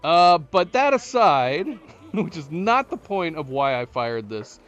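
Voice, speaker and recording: A man's voice: on the high side, sing-song, slow, fairly bright tone, lo-fi sound, faint music behind. A man streaming a video game, talking casually and thinking aloud with many restarts and fillers. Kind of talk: casual live-stream commentary.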